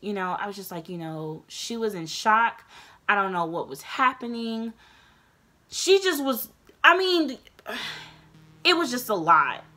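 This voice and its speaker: A young woman vlogger telling a personal story in a candid, rambling way, earnest and emotional, sometimes getting loud and passionate. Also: mid-range voice, lively intonation, measured pace, long pauses. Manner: loose, rambling, many restarts.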